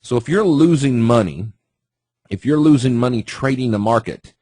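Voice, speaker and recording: A man's voice: mid-range voice, animated, normal speed, darkish tone, husky. A man teaching trading in a casual webinar, talking conversationally and asking the audience questions. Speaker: trading educator.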